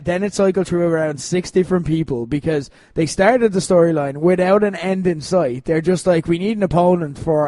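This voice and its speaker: A podcast co-host with a fairly high-pitched, darkish voice rambles and laughs through stories on a casual show, swearing every so often. The recording has no echo.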